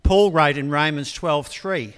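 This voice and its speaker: An older man giving a sermon in a relaxed, conversational storytelling manner, with frequent ums. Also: fairly high pitch, a little slow, clear, resonant tone. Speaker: preacher. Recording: long hall reverb.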